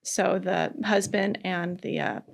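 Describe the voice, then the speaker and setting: Gravelly-voiced woman telling lively stories. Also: lowish voice, slow pace. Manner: animated storyteller, acts out quotes, laughs often. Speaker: guest. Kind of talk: casual interview chat.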